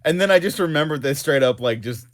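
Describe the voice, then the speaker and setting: A man's voice: a little high, expressive, fast. A young man co-hosting a casual comic book chat, laid-back and rambling, full of likes and you-knows. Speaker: co-host.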